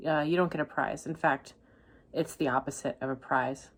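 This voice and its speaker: Woman, book vlogger, low-ish voice, dry deadpan delivery tipping into ranting. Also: moderate pace, slightly rough. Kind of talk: casual reading vlog.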